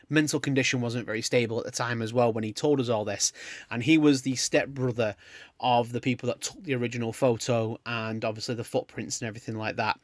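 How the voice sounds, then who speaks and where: A man's voice: mid-range voice, no room sound, studio quality. A man hosting a casual podcast, rambling and joking as he tells stories. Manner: rambling, jokey, lively storytelling. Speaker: podcast host.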